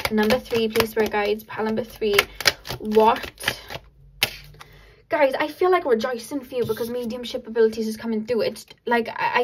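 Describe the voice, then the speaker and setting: A woman giving a casual pick-a-card tarot reading to her viewers, excitable and laughing often between many filler words. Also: on the high side, slight background noise, low-quality recording.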